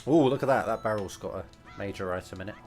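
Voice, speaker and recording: A man's voice: on the low side, quick pace, a little mellow, faint music behind. A British man giving casual, opinionated commentary while streaming a game. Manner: chatty, opinionated, rambling asides.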